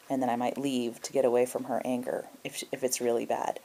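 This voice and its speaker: A woman's voice: a bass voice, little pitch movement, fairly quick, hardly any pauses, mellow. A middle-aged woman explaining emotional boundaries in a spoken self-help lesson, acting out short bits of example dialogue. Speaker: emotional health teacher.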